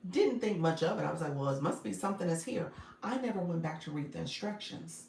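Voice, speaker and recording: A woman's voice: deep voice, lively intonation, fast, gravelly, darkish tone, roomy sound, far from the mic, slight background noise. A woman coaching viewers on a casual livestream. She is chatty, laughs often and speaks straight to her audience.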